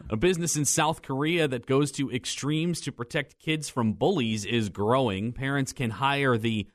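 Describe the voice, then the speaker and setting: A man reads the morning news in a brisk, even, practiced cadence. His voice sits at a middle pitch. The studio sound is dry and close. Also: no echo. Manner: brisk, even newsreader delivery. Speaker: news reader. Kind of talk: radio news reading. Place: radio studio. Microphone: studio microphone.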